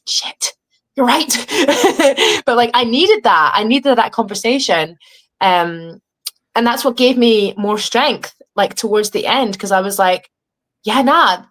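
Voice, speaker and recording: A young woman with an English accent, a reality show contestant telling her story at home in a casual interview, animated and swearing as she acts out what others said. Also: mid-range voice. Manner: animated, swearing, acting out quoted dialogue.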